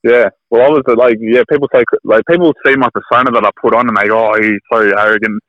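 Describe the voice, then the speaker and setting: A man's voice: mid-range voice, fast, no echo. A young Australian man, a guest on a casual podcast interview, talking candidly, laughing and swearing freely over a muffled remote line. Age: young adult. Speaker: guest, professional fighter.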